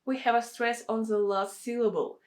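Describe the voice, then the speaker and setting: A woman with a Russian accent, a native Russian speaker, teaching pronunciation in a deliberate way and repeating words for practice. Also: fairly high pitch, fairly even intonation. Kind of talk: pronunciation lesson.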